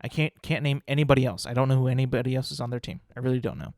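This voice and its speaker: A man's voice: mid-range voice, fairly even intonation, very fast, darkish tone. A man hosts his own casual podcast in a mid-range voice, talking about the weekend's games. He rambles and repeats himself, with plenty of fillers and strong opinions. The sound is dry and close, with no room echo. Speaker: podcast host. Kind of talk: casual sports chat.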